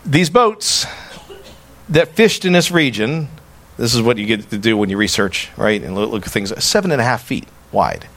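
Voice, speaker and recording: A pastor preaching a sermon in a conversational way, often repeating words and telling personal stories. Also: male voice, mid-range voice, very animated, moderate pace, a bit bright.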